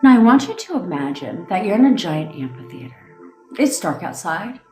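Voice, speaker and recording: A woman coach leading a slow, hushed guided visualization for her viewers. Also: mid-range voice, big pitch swings, reverberant, soft background music, poor audio. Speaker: manifestation coach. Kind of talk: guided meditation.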